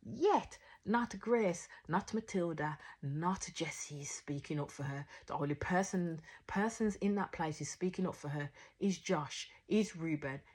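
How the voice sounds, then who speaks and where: A woman's voice: sits low, unhurried, hardly any pauses, darkish tone, husky. A woman giving casual, outspoken reaction commentary on a reality show, swearing freely as she retells events.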